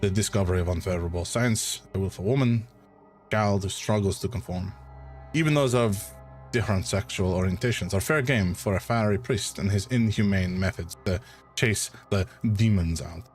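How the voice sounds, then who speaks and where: A man putting on a French accent to voice a dry, skeptical male scientist who lectures gravely, reading game dialogue aloud. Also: sits low, normal speed, faint music behind, close to an everyday voice. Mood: grave warning. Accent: put-on French.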